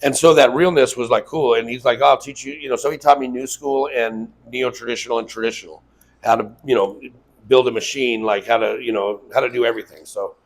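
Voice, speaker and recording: A man's voice: medium pitch, fairly even intonation, a little fast, low-quality recording. Man, tattoo shop owner, casual interview, swears a lot, acts out quotes. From Las Vegas. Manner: loose, profane storytelling with acted-out quotes.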